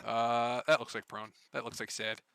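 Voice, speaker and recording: A man's voice: medium pitch, level tone, moderate pace, gravelly, a bit bright, smooth, dry recording. A man running a tabletop game as game master, casual and profane, laughing often. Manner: laughing, swearing, loose and joking.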